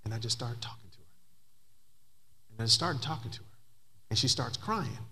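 A man's voice: mid-range voice, lively intonation, moderate pace, pushed and bright, breathy edge. A man preaching a sermon as pastor, telling a story and building to emphatic, climbing passages.

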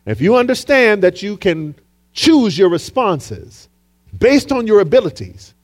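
A male pastor preaches a sermon, telling a story dramatically, acting out the quotes, and calling on the congregation for responses. His voice is high, with big pitch swings and a slightly slow pace.

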